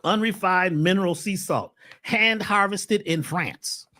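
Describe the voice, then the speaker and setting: In a relaxed livestream talk about herbal remedies for health, a high-pitched man keeps a measured pace while sounding preachy and animated, peppering his talk with rhetorical questions.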